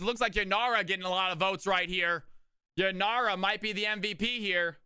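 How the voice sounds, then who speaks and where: Bright, high-voiced hype man streamer. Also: a little fast, clean tone, no room sound, clean studio sound. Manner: hyped, energetic hype-man delivery. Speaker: streamer and caster. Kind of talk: live game-stream casting.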